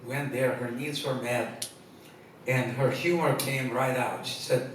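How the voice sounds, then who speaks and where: Speaking a bit slowly with a medium pitch and fairly even intonation, a man tells comic stories about his life to a live audience on stage, tripping over restarts and laughing at his punchlines. The audio carries heavy noise and hall echo from a distant microphone.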